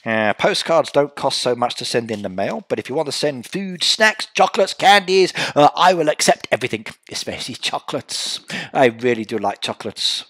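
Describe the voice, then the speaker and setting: A man's voice: mid-range voice, very animated, brisk, fairly bright tone, dry recording, clean studio sound. A man chatting and joking with viewers as the host of a live stream. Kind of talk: casual live-stream chat.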